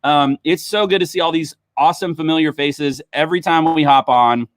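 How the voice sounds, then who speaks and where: A man's voice: on the high side, brisk, no echo, studio quality. A man hosting a casual livestream wine tasting, chatting upbeat with viewers. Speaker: livestream host.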